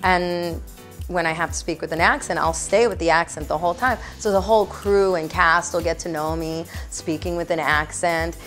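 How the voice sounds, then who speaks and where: A young actress answers interview questions casually, bubbly and playful, laughing often. Her voice is lowish and a bit bright, at a moderate pace, with music playing behind her.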